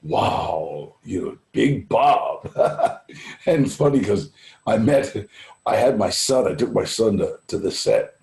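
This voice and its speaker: Taking it slowly, an older man speaks as a guest at a recovery fundraiser in a low-ish, expressive, slightly mellow voice with vocal fry, in an echoey room. His anecdotes are laid-back and casual, peppered with "man" and "you know," and he acts out the people in them.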